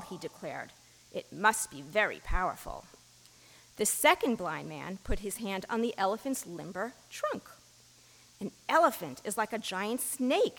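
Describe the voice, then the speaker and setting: A woman giving a sermon as an interfaith minister, reading a story in a measured storytelling voice, in a church. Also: medium pitch, sharp tone, in a large hall, poor audio. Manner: measured storytelling, giving the blind men brief quoted lines. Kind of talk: sermon with a story read aloud.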